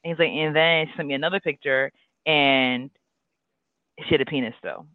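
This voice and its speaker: A man's voice: on the high side, normal speed, smooth, no room sound. A man co-hosting a podcast, rambling through a story, laughing and acting out what people said. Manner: rambling, laughing, acts out quotes. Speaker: podcast co-host. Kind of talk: casual storytelling chat. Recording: dry tinny phone-like line.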